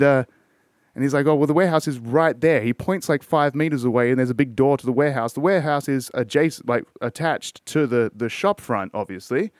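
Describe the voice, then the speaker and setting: A man's voice: medium pitch, no room sound, studio quality. An Australian man telling a rambling, profane story in a casual podcast chat. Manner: profane, rambling, self-interrupting. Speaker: podcast host.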